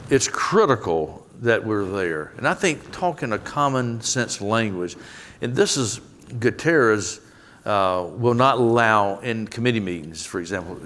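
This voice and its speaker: A man with a Southern US accent, answering questions earnestly in a public onstage conversation, with folksy, quick quoted asides. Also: lowish voice, fairly bright tone. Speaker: guest, head of an aid agency.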